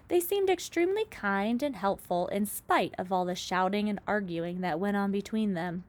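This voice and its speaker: Storybook narrator, woman, mid pitch, lively and expressive. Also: moderate pace, hardly any pauses. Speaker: reader. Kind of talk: storybook read-aloud.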